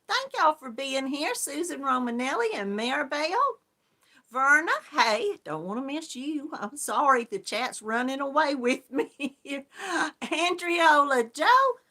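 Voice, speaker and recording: Woman hosting a casual crafting livestream, homey and chatty, bright, fairly high voice. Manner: chatty and homey, calls viewers hon. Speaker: crochet livestream host. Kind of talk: casual livestream chat greeting viewers.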